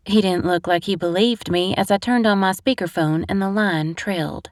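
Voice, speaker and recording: A woman's voice: on the low side, normal speed, few pauses, dry recording. A woman narrating a first-person romantic comedy audiobook on a close studio mic.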